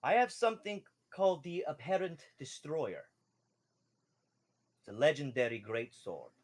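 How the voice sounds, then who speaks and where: Man playing a fish-man trader, wobbly voice, pitched up, bouncy delivery, broken salesy phrasing. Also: sing-song, unhurried, a little mellow. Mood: sly.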